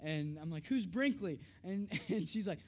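A man preaching in a storytelling style, acting out family dialogue with animated voices and dropping soft and low on tender, reflective lines. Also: moderate pace. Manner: animated, acts out his daughter's lines in a raised voice. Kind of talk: storytelling sermon.

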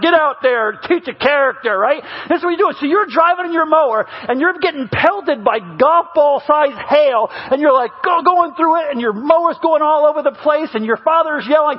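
A man's voice: extremely high pitch, muffled recording. A middle-aged man preaching a sermon as a pastor, telling funny family stories and acting out his relatives' voices. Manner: animated, mimics family members in stories. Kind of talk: humorous sermon storytelling.

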